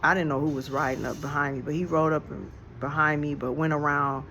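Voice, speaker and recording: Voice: mid-range voice, steady tone, a little fast, sharp tone, slight background noise. A storyteller telling a real-life story in a casual, reflective, slangy way, recorded outdoors on a handheld phone. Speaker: storyteller vlogger. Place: outdoors on a porch. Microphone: phone held in hand.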